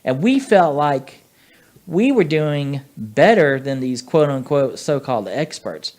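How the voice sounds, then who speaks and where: A man's voice: on the high side, animated, slow pace, darkish tone. A man co-hosting a casual fantasy football podcast, rambling and joking with many fillers. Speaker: podcast co-host. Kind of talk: casual sports chat.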